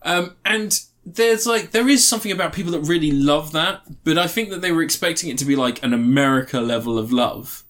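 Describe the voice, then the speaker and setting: A man's voice: a little high, fairly quick, few pauses, fairly bright tone. A man co-hosting a casual chat, rambling with many fillers and restarts.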